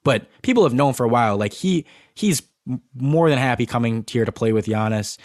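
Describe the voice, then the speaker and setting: A young man co-hosting a sports podcast, talking fast with lots of restarts and stumbles. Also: medium pitch, lively intonation, darkish tone, no room sound, studio quality. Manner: stumbling restarts, breathless disbelief. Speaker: podcast co-host. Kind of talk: excited sports podcast chat.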